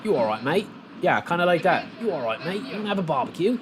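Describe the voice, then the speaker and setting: A man's voice: fairly high pitch, very animated, fast. A laid-back, barbecue-loving bloke in a jokey mock-Australian accent, talking in exaggerated easygoing slang, as a male streamer puts him on. The voice stays close to his own, lightly acted for laughs, with a faint hum of noise behind it. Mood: joking.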